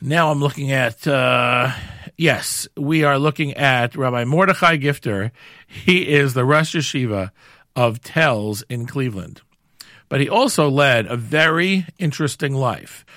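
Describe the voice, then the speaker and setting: A man hosting a weekly show in a casual, rambling way, often pausing and correcting himself. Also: medium pitch, expressive, sharp tone, no room sound, studio quality. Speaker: host.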